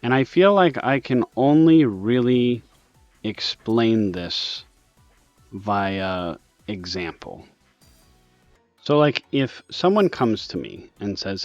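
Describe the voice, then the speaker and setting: A man ranting in an exasperated, animated way over gameplay, with sudden loud bursts. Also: fairly low pitch, slow pace, no echo, muffled recording, soft background music. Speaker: gaming video host.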